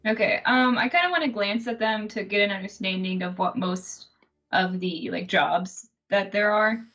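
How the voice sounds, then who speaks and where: A woman's voice: medium pitch, moderate pace, fairly bright tone, muffled recording. A woman playing in a tabletop game, speaking hesitantly with many fillers. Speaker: player.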